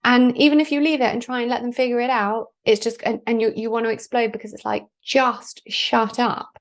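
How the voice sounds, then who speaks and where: A woman hosting a podcast interview, chatty and lively, jumping in with questions. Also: on the high side, quick pace. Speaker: podcast host.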